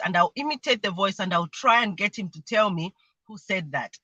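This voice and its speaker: A woman's voice: mid-range voice, lively intonation, fairly quick, bright, forceful tone, breathy edge, no room sound, dull audio. A woman speaking earnestly as a mentee on a livestream, explaining her family routines and sometimes imitating voices when she quotes people. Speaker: mentee sharing her experience. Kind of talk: livestream conversation. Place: remote video call.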